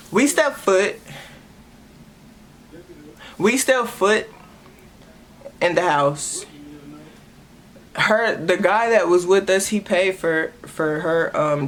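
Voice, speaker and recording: A man's voice: on the high side, fairly bright tone. A young man hosting a podcast, earnestly telling a personal story straight to his listeners with many restarts. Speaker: podcast host.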